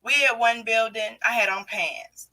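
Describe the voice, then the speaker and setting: A woman's voice: a little high, moderate pace, low-quality recording. A middle-aged woman, hosting a podcast and telling a story with jokes and laughter. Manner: lively, joking, laughs. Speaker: podcast host. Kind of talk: casual storytelling chat.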